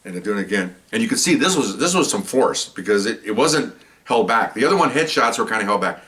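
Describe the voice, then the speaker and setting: A man telling a police story in casual talk, acting out the people in it by jumping his pitch. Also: animated, quick pace, bright, forceful tone. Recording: voice a bit far from the mic.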